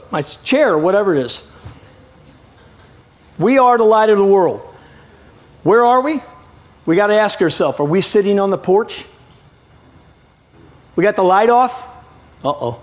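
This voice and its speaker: A middle-aged man preaching as a guest, lively and joking, often breaking off to apologize to his listeners. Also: extremely high pitch. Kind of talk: sermon.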